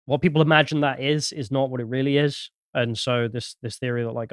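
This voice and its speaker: A man co-hosting a podcast in casual chat, often restarting his sentences and trailing off quietly. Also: medium pitch, fairly even intonation, quick pace, clean tone, no room sound, studio quality. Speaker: podcast co-host.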